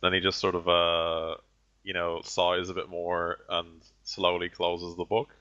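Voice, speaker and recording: A man's voice: low voice, completely flat delivery, unhurried, bright, forceful tone. A man narrating a tabletop game as game master, hesitant with many fillers. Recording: dull lo-fi audio.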